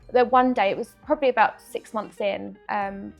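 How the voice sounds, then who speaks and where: A woman with a gentle, reflective manner, telling a personal parenting story as a chat show guest. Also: medium pitch, fairly even intonation, normal speed, vocal fry, faint music behind. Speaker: guest, parent of a young son. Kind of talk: casual panel chat.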